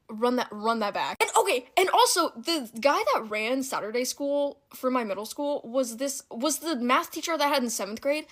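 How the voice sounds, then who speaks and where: A young woman tells a story from her school days in a casual story-time chat. Her voice sits fairly high, and she talks in an animated way, giggling and turning indignant as she goes.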